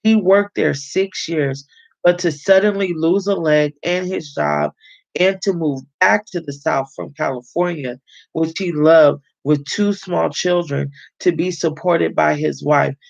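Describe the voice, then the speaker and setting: Brief: gravelly-voiced woman, book club host reading aloud, blunt and profane asides, dull lo-fi sound. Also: sits low, a little slow, a little mellow, no echo. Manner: frank and profane, talks straight to listeners.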